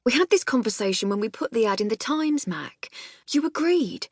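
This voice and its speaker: A woman reading an audiobook, voicing a kind, gently amused young man who assists the head gardener. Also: on the high side, animated, moderate pace, no echo, studio quality, pitched above the performer's own voice. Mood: persuading. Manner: gentle, reassuring. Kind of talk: audiobook character voice.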